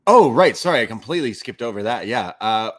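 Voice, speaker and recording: A man's voice: mid-range voice, lively intonation, brisk. A man co-hosting a wrestling podcast, rambling casually with repeated words and swearing. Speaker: podcast co-host. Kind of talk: casual chat.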